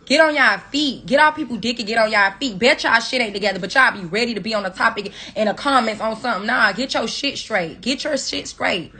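A woman on a phone livestream, scolding her viewers in a profane, confrontational rant. Her voice is husky and breathy, with a tense, forceful edge, and it sits a little high for a woman. The sound comes through a phone mic. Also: brisk, few pauses. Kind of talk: angry rant on a social media livestream.

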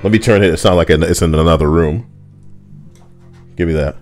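A man's voice: low voice, brisk, darkish tone, soft background music. A man hosting comedic reaction commentary in a sarcastic, joking way. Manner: sarcastic, jokey, laughs often. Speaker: commentary host.

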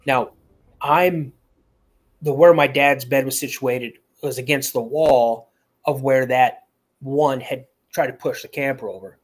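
A man's voice: medium pitch, steady tone, measured pace. Man caller telling a rambling story. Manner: rambling, repeats words, acts out quoted dialogue. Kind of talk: storytelling on a call-in show.

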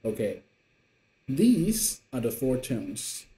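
Slow, patient male Mandarin teacher. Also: big pitch swings, dark tone. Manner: slow, patient, pitch swinging up and down to show tones. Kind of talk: online language lesson. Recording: echoey room.

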